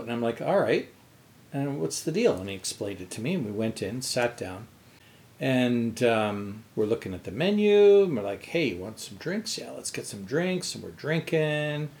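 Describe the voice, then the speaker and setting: A man's voice: mid-range voice, sing-song, moderate pace, darkish tone. A man co-hosting a podcast, telling a restaurant story in casual chat. He swears freely and acts out the quotes. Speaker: podcast co-host.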